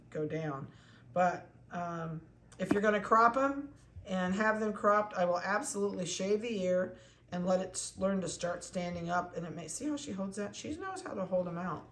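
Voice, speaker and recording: A woman's voice: on the low side, moderate pace, fairly bright tone, echoey room, slight background noise. A woman dog breeder talking casually through a video update, chatty and cooing to the puppies.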